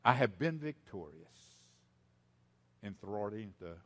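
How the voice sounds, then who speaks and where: A man's voice: lowish voice, animated, a little slow, fairly bright tone, long reverb tail, pitched below the performer's own voice. A man voicing Satan, proclaiming his victory in an exultant, declaiming way during a sermon. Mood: gloating. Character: gloating triumphant Satan, male.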